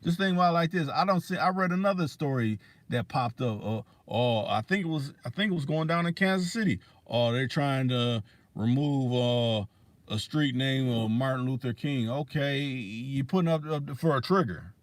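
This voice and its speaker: A man's voice: medium pitch, moderate pace, dry recording. A man hosting a livestream, ranting in a heated, profane way with many restarts and fillers. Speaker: livestream host. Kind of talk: casual rant on a livestream.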